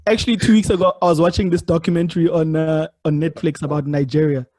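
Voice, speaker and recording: A man's voice: on the high side, little pitch movement, fast, a little mellow. Earnest male podcast host. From South Africa. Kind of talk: casual interview chat.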